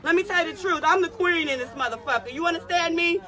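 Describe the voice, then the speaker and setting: A woman from California in a loud, profane, combative rant, recorded on a phone inside an airplane cabin. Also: extremely high pitch, quick pace, hardly any pauses. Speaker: passenger in a viral clip. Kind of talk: confrontational rant. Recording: crowd noise behind.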